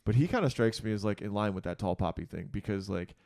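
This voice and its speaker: A man hosts a casual podcast interview, his fairly low voice carrying a gravelly edge. He asks eager, laid-back questions and swears easily. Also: fast, darkish tone. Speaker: podcast host.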